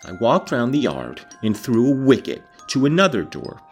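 A man's voice: mid-range voice, wildly swooping pitch, moderate pace, a little mellow, soft background music. A man reading a novel aloud, breaking off to explain passages and react with casual, sometimes profane comments. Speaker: audiobook reader.

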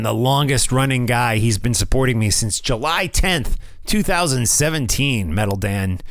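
A man's voice: mid-range voice, animated, moderate pace, few pauses, dry recording. Chatty male podcast host, dry sound. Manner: chatty and loose, repeats and restarts words, calls listeners "man". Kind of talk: casual solo podcast monologue. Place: room at home with family nearby.

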